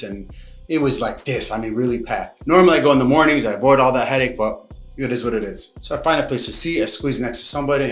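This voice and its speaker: Martial arts coach telling a story in an echoey room. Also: male voice, medium pitch. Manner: lively, dramatic retelling with acted-out quotes. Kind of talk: casual storytelling to camera. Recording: echoey room, faint music behind.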